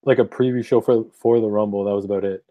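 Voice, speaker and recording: A man's voice: on the low side, fairly even intonation, fast, dark tone, dry recording. A man co-hosting a casual podcast chat, laughing often as he talks. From Canada. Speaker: podcast co-host.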